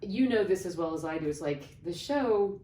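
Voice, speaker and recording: A middle-aged woman, an opera singer, telling an animated backstage story in a casual interview and acting out the voices of the people in it. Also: on the low side, normal speed. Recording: roomy, distant mic, faint background noise.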